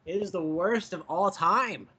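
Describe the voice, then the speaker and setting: A man's voice: high voice, unhurried, bright, forceful tone, husky. A man co-hosting a podcast, chatting casually and joking about being a Bigfoot. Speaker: podcast co-host. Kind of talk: casual chat.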